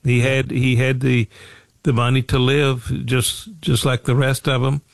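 A man's voice: medium pitch, flat delivery, a little slow, gravelly, no echo. A man hosting a financial talk show, speaking in a folksy way, repeating phrases and asking himself rhetorical questions. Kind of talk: radio talk show monologue.

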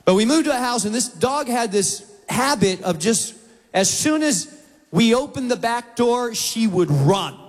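A man preaching in a big auditorium, his voice sitting fairly high for a man. He tells animated stories and slips into other people's voices. A long reverb trails each phrase. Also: unhurried. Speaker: pastor. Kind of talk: sermon. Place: large auditorium.

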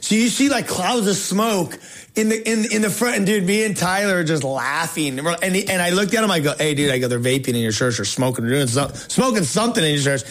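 A man hosting a faith talk show, telling a story in a casual, excited way with slang and frequent restarts. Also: high-pitched, fast. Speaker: talk show host and evangelist.

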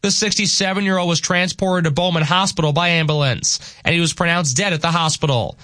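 A man reading scripted regional news on radio with a crisp, steady delivery. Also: on the high side, fairly quick, no room sound. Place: radio studio.

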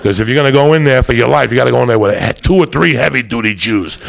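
Talking fast in a creaky, medium-pitched voice with a bit of brightness, a man delivers a heavily profane comic story, laughing in bursts along the way. He's a comedian doing a rowdy storytelling monologue.

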